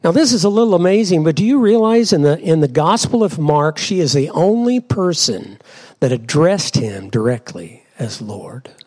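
A man's voice: fairly high pitch, big pitch swings, normal speed, a little mellow. A male pastor preaching a sermon to his congregation in church, dramatic and full of rhetorical questions.

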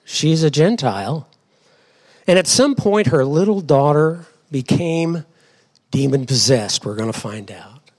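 Guy preaching in church, high voice that swoops around a lot, keeps asking the crowd questions. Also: lively intonation, measured pace, a little mellow. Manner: dramatic, asks the congregation rhetorical questions. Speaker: pastor. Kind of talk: sermon. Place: church before a congregation.

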